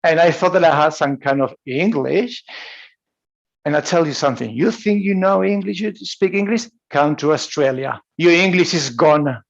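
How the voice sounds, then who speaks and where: A high performance coach from Spain tells a personal story in a motivational talk, his Spanish accent clear as he restarts often and laughs. His voice is fairly high and gravelly at a moderate pace, with the highs cut off.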